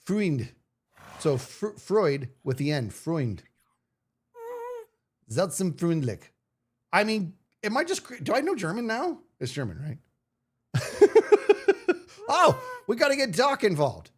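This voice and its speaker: A man's voice: high-pitched, big pitch swings, unhurried, fairly bright tone, slightly rough. A man streaming live, chatting casually with his viewers in a playful, self-mocking way. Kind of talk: casual livestream chat.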